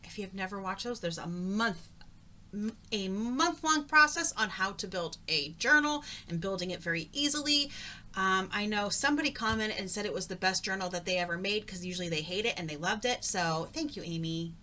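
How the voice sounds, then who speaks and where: Chatty woman with a bright voice. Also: medium pitch, animated, normal speed, a little hiss or hum. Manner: chatty, rambling, goes off on tangents. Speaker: craft vlogger. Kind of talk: casual chat. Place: home.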